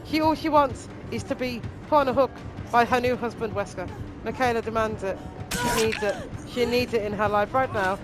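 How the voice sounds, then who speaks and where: A woman's voice: a little high, a little fast, music in the background. Giggly woman narrating gameplay. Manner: giggly, crude, rambling. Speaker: gaming channel host. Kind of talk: comedic made-up narration over gameplay.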